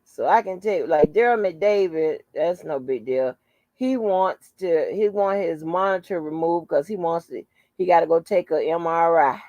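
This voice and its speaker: A woman's voice: lowish voice, moderate pace, warm tone, no room sound, muffled recording. Blunt, profane woman chatting on a live stream. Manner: greets viewers by name, blunt and profane. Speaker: channel host. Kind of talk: casual live-stream chat.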